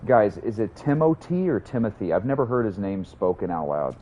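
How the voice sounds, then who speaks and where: A man's voice: fairly low pitch, animated, fairly quick, dark tone. A young man chatting casually while livestreaming a game, rambling, swearing and answering his chat. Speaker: streamer.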